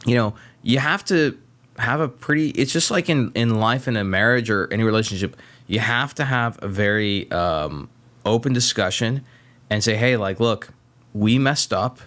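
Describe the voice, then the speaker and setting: Podcast guest: young man, lowish voice, lively storyteller who restarts sentences and acts out quotes. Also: normal speed. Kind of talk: casual podcast interview.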